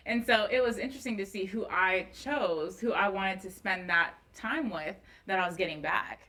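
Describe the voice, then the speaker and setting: A woman's voice: medium pitch, moderate pace, hardly any pauses, sharp tone, rough recording. A young woman in her twenties, a news anchor guest, telling personal stories in an earnest, emotional way during a casual chat.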